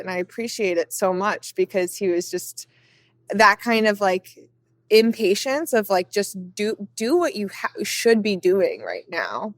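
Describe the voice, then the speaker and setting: A woman's voice: medium pitch, big pitch swings, a little slow, dry recording. A young woman talking casually as a podcast guest, filling her sentences with "like" as she reflects on her path. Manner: chatty, many "like" fillers. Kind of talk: casual conversation.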